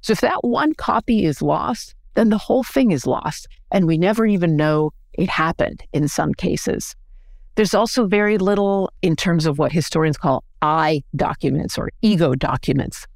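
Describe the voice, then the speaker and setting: American lady professor, bit of vocal fry, dry close sound, lecture-y and clear. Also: low-pitched, a little mellow, no echo. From United States. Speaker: history professor. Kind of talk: explanatory interview answers.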